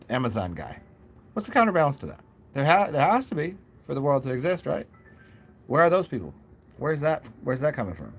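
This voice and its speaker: A man hosting his own channel, talking through thoughts in a loose live chat, halting with fillers and restarts and tossing in goofy self-mocking asides. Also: medium pitch, slight background noise. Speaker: channel host. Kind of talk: rambling live chat with viewers.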